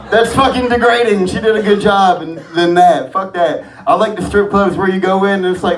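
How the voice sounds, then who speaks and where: A man's voice: high-pitched, fairly even intonation, a little fast, few pauses, background noise. A man doing a profane, rambling open-mic stand-up set on a comedy club stage. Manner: profane, rambling, loose delivery. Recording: echoey club from far off, crowd laughter.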